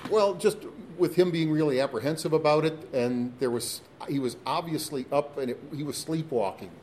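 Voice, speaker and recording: A man talking casually in a halting way, restarting and trailing off as he recalls something. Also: a little high, darkish tone, a little hiss or hum. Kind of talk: casual conversation.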